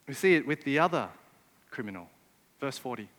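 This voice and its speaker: A man's voice: medium pitch, animated, a little fast, fairly bright tone, in a large hall. A man preaching a sermon, emphatic and often putting rhetorical questions to his listeners. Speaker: pastor.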